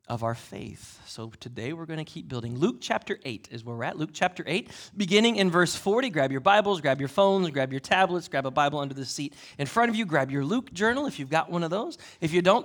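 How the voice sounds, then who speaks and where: A man preaching a sermon in a church, swinging between loud emphasis and hushed asides. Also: on the high side. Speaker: pastor.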